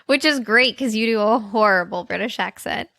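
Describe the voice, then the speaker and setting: A woman's voice: medium pitch, moderate pace, vocal fry, pushed and bright. A woman from Texas co-hosting a casual podcast, giggling and teasing her co-host. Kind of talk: casual chat.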